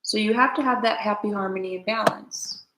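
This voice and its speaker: A woman's voice: medium pitch, a little fast, reverberant, background noise. A woman hosting a spiritual self-help talk, speaking earnestly and preachily, repeating her key points and asking viewers to comment. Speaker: host.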